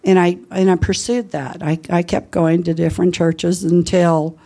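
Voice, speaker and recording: A woman's voice: on the low side, moderate pace. A woman giving an informal Christian talk, earnestly telling personal evangelism stories. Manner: earnest, lively storyteller. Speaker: Christian speaker sharing evangelism testimony.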